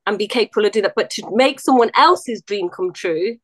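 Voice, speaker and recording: A woman guest on a podcast, reflecting warmly on a friend's kindness. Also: medium pitch, fairly quick, no echo. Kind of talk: casual conversation.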